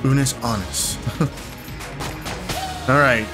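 A young man giving casual gameplay commentary, swearing a lot and swinging into excitable, frustrated outbursts. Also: mid-range voice, extremely slow. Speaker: gamer. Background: game music.

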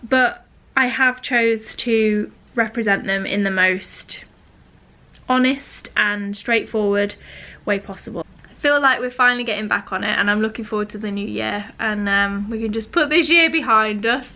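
A British woman in her twenties vlogs from home, chatting candidly and informally to the camera. Her voice sits at medium pitch with a sharp tone, and she talks at a normal speed.

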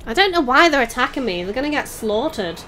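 A woman's voice: sits high, sing-song, fast talker, pushed and bright, faint music behind. A young English woman with a mixed Scouse, Welsh and English accent, giggling and chatting through live game commentary while reading viewer messages. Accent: mix of Scouse, Welsh and English. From England. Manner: chatty, giggly, reads chat aloud. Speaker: gaming streamer. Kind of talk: live let's-play commentary. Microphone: desk microphone.

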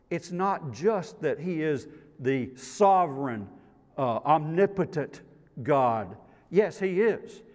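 A man preaching a sermon as pastor, emphatic and slow, his voice rising loud on key phrases and dropping to a near hush on others. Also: mid-range voice. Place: church sanctuary. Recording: long reverb of a church sanctuary.

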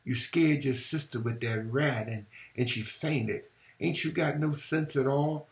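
Stern, tired mother scolding her son, read by a man, gravelly, in an echoey room. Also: mid-range voice, measured pace, close to an everyday voice. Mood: bitter scolding. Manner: pleading, then bitter and scolding. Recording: roomy echo.

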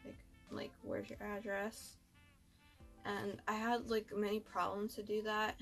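Young woman with vocal fry, chatty. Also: medium pitch, level tone, a little slow, fairly bright tone, faint music behind. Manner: slangy, swears, many likes. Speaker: beauty vlogger. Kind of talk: casual storytime chat.

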